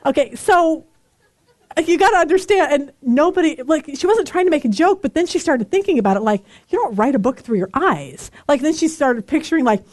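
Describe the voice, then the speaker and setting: Chatty, animated woman Bible study teacher. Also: sits high, fairly quick, no room sound. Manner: chatty, animated storytelling with frequent laughter.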